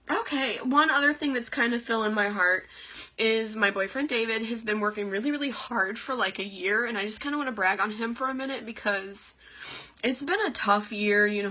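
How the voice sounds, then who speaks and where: A woman's voice: fairly high pitch, sharp tone. A young woman live-streaming a casual, heartfelt chat, rambling and leaning on "like" and "you know.". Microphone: computer webcam on a live stream.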